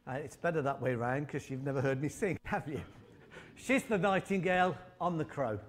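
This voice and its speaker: Preacher with an emphatic, storytelling delivery. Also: male voice, fairly high pitch, normal speed. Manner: storytelling with humor and emphatic repetition. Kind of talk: sermon.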